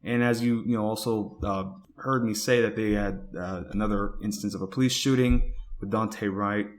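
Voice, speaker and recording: Guy with a lowish voice reading news on his podcast, trips over words, drops in offhand remarks. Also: fairly even intonation, normal speed. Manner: stumbles over words and restarts, casual asides. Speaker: podcast host. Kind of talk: reading news aloud with commentary.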